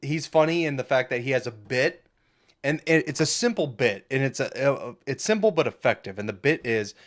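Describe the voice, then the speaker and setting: A man's voice: mid-range voice, expressive. A man co-hosting a podcast, joking and chatting in an easygoing way. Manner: easygoing, joking, quick to agree. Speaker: podcast co-host. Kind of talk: casual chat.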